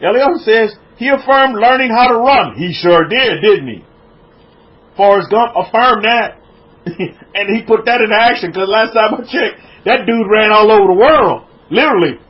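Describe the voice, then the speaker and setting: A man's voice: sits high, unhurried, lo-fi sound. An American man preaching casually to a livestream audience, reading out viewers' comments and repeating his words as he builds up his points. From United States. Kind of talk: informal sermon with chat shout-outs.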